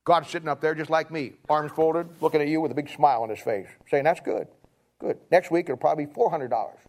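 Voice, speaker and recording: A man's voice: on the high side, fast, darkish tone. A middle-aged man, preaching a sermon in a folksy storytelling way and acting out both sides of a talk. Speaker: pastor.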